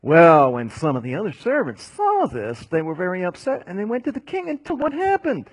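Male preacher, casual storytelling sermon, gravelly voice, slightly high. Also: wildly swooping pitch, fairly quick, no echo. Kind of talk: conversational sermon.

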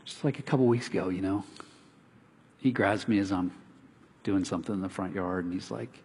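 A man's voice: low-pitched, a little fast, long pauses, breathy edge. A middle-aged man preaching as a pastor, telling stories and acting out the lines of the people in them. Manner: animated storytelling, acts out neighbors' lines. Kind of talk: sermon. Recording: reverberant hall.

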